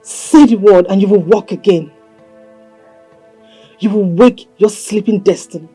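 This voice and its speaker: A woman playing a seductive, possessive female marine spirit princess, coaxing and commanding in a husky voice. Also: mid-range voice, a little slow, mellow, soft background music. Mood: insistent. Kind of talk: film drama acting.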